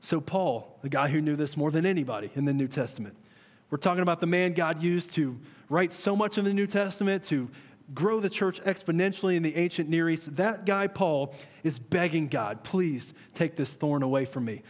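A man in his thirties preaching a sermon as a pastor, earnest and animated, asking his listeners questions. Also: fairly high pitch, a little fast. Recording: long reverb of a large hall.

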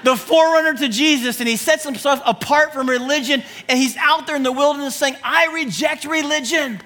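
High-voiced, animated male preacher. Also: fairly quick. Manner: animated and humorous, swinging between loud emphasis and low asides. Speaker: pastor. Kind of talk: sermon.

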